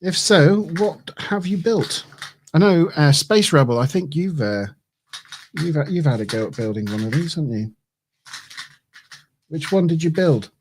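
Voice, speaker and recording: A man's voice: on the high side, expressive, a little slow, long pauses, darkish tone, a little hiss or hum. A man chatting casually on a livestream as he builds a model kit, thinking aloud, chuckling and correcting himself as he goes. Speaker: streamer.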